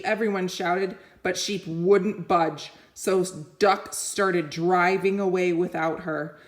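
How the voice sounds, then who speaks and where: A woman reading a children's picture book aloud, expressive and doing little voices for the animals. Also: medium pitch, takes it slowly, few pauses. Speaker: reader.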